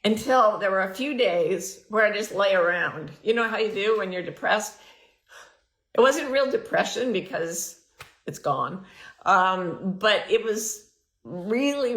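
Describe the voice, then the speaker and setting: Gravelly-voiced woman telling a candid story. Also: fairly bright tone, roomy sound. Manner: candid, acts out her inner dialogue with big pitch swings. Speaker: podcast host. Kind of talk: personal storytelling monologue.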